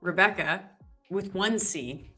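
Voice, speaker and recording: A woman co-hosts a live futures trading stream, chatting playfully and hopping from one topic to the next. Her voice is bright and forceful while sitting a little low in pitch. Faint music plays underneath. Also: takes it slowly. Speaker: live trading show co-host. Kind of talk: casual live-stream chat.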